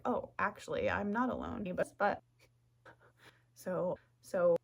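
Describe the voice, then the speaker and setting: A woman's voice: on the low side, huge pitch swings, slow pace, gravelly, husky, no echo. A woman vlogger chatting casually outdoors, rambling, giggling and tripping over her words. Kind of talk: rambling casual vlog talk.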